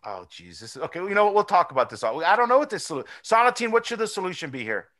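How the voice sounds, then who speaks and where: A man with a high, bright voice hosts a loose podcast conversation. He talks in an animated, rambling way, swearing freely as he argues his point. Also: quick pace. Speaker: podcast host. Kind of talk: casual chat.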